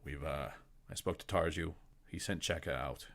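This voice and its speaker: A man voicing a blunt, gruff rural townsman with a folksy way of talking. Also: very deep voice, moderate pace, a bit bright, full character voice. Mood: matter-of-fact.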